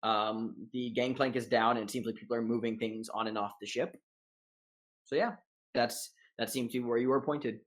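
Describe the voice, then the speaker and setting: A young man running a tabletop game as dungeon master, narrating haltingly with many fillers. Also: medium pitch, steady tone.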